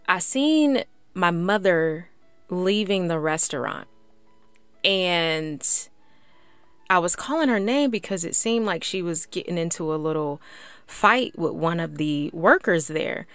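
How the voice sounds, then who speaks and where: Excited chatty woman podcast host. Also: on the low side, smooth, no room sound. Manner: excited, chatty, lots of "like" and "y'all". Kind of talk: casual faith podcast chat.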